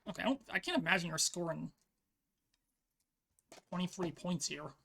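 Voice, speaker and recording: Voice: mid-range voice, lively intonation, normal speed, vocal fry, sharp tone, breathy edge. A player thinking aloud in casual commentary over their own online card game match, peppering speech with "like". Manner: thinks aloud, frequent "like" fillers.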